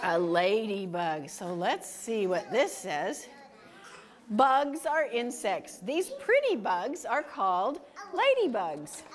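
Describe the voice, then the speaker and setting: A woman reading a picture book aloud to children, animated and full of questions for them. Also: medium pitch, takes it slowly. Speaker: children's storytime reader.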